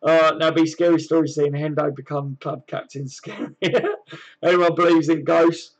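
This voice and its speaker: A fairly high-voiced man, casually chatting on his live stream. He reads out viewers' comments and answers them in an easygoing, slang-filled way. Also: level tone, moderate pace, lo-fi sound. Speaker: host of a fan live stream.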